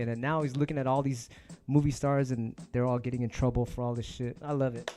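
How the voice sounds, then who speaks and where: A man's voice: medium pitch, fast talker, a little mellow, faint music behind. A man hosting his own stream, ranting casually to viewers in heated, profanity-laced street slang. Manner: emphatic, heated. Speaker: DJ and stream host.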